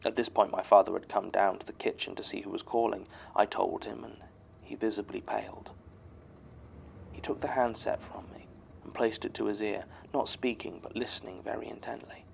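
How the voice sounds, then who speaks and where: A gravelly, low-voiced archivist reads a statement in a measured, somber way. The recording is dull and lo-fi, with a faint hiss underneath. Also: male voice, level tone. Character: male archivist reading a written statement aloud. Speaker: narrator reading a statement. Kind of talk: scripted horror narration.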